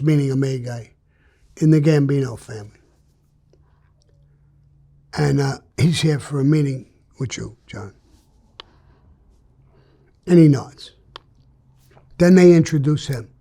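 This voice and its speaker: Gravelly older New man telling a story. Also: fairly high pitch, dark tone. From New York. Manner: blunt, streetwise storytelling that acts out the dialogue. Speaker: interviewee.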